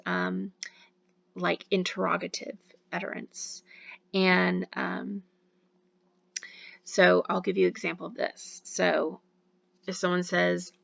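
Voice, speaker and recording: A woman's voice: medium pitch, vocal fry, fairly bright tone, lo-fi sound. A woman giving a recorded university lecture on voice and diction, explaining with frequent fillers.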